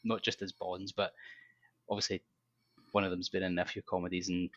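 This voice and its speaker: A man's voice: deep voice, little pitch movement, brisk, fairly bright tone, no room sound. A man, a guest in a casual chat, talking bluntly with jokey asides. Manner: blunt, jokey, short interjections. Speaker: podcast guest. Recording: dull dry lo-fi mic.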